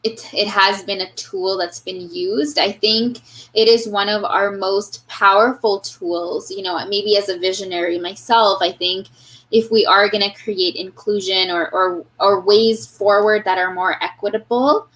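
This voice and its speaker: A woman's voice: medium pitch, steady tone, a little slow, fairly bright tone, rough recording. A woman teacher with a Canadian accent, speaking earnestly in an interview, thinking aloud with frequent fillers and restarts. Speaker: guest, elementary teacher. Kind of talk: reflective interview talk.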